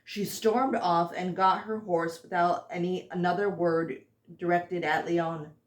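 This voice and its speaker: A woman reading aloud from her own fantasy novel, informally and haltingly, stumbling over words and restarting sentences. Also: lowish voice, steady tone, echoey room. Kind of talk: unpolished audiobook reading.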